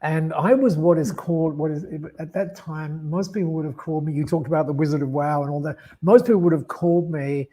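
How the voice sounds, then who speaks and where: A man's voice: fairly high pitch, fairly even intonation, fairly quick, hardly any pauses, warm tone. An Australian man, a guest in an interview, telling a long story and acting out both sides of a conversation, with many restarts. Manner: rambling, with frequent restarts and acted-out dialogue. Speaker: guest speaker.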